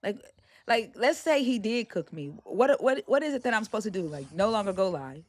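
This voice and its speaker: A woman's voice: mid-range voice, animated, fairly quick, a little mellow. A woman hosting a live stream, talking in a brash, profane, taunting way. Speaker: livestream host. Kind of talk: heated live-stream rant.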